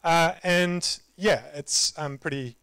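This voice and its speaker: A man with a New Zealand accent giving a relaxed, conversational conference talk with self-deprecating humor. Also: on the high side, slow, clean tone, no room sound, low-quality recording. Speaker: conference presenter. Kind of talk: casual live tech talk. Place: meetup presentation room.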